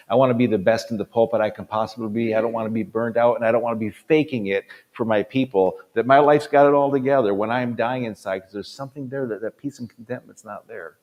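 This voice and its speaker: A man around sixty, a pastor giving an earnest talk to other pastors, stressing points by repeating them and swinging between loud punches and quiet drops. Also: fairly low pitch, highs cut off. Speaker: pastor and conference speaker.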